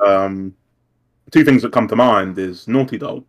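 A man with a low voice answers casually on a gaming podcast. He stumbles over repeated words at first, then settles into fluent opinions. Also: unhurried. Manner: hesitant starts, then fluent. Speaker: podcast panelist. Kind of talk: casual chat.

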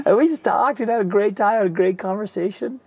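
A middle-aged man, co-host of a parenting talk show, telling a personal story in a casual, animated way, acting out his own past thoughts. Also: sits high, a little fast, breathy edge. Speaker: podcast co-host.

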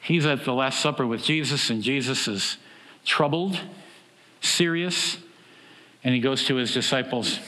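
A man preaching a sermon, acting out the quoted voices with big swings in pitch and loudness. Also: measured pace, long pauses. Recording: long hall reverb.

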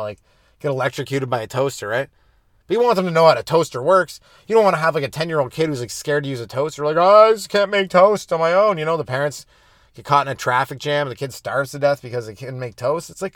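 A young man hosts his own comedy podcast, high and rambling freely from one joke to the next. His voice sits at an ordinary middle pitch. The recording is dry and close, with no room sound. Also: no echo. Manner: loose, rambling, stoned and animated in bits. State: stoned. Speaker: podcast host.

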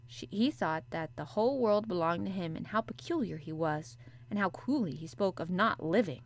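A woman narrating a classic novel in an even, measured storytelling manner. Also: on the low side. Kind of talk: audiobook narration.

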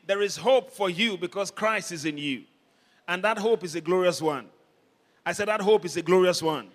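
A man preaching a sermon as pastor, leading the congregation in call-and-response and building up to shouts. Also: high voice, normal speed. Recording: long hall reverb.

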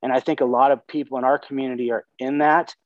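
A man's voice: mid-range voice, fairly even intonation, fast talker, dry recording. A man in casual podcast conversation, talking earnestly, swearing casually and often restarting his sentences. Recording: dull lo-fi sound.

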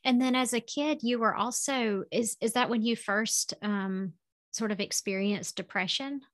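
A woman's voice: on the high side, a little slow, fairly bright tone. A woman with a Southern US accent interviewing a guest, attentive and reflective.

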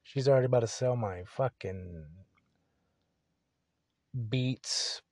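A man's voice: mid-range voice, takes it slowly, a little mellow, no echo, clean studio sound. A young man hosting a solo podcast, talking casually in a rambling, profane, laid-back way. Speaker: podcast host.

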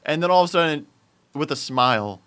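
A young man casually telling a story from his fast food job to friends, getting animated and loud at the peaks. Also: on the high side, clean tone. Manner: animated, builds up to loud exclamations. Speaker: storyteller in a group chat.

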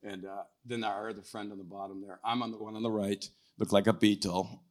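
Brisk and fairly low-pitched, with little movement in his pitch, an older guest at a live church hall event tells his testimony story conversationally. He keeps adding "right?" to his lines and clearing his throat.

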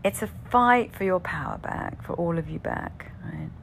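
A woman's voice: on the low side, normal speed, gravelly, slight background noise. A woman telling a personal story in a casual way. She often asks "right?", swears now and then, and sometimes drops to a whisper at the end of a phrase.

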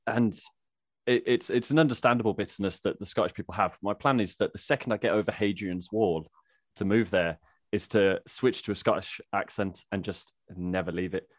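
A man's voice: on the low side, fairly quick, no room sound, clean studio sound. Swearing young Englishman from the Midlands. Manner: swears freely, restarts sentences often. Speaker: guest. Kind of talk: casual chat.

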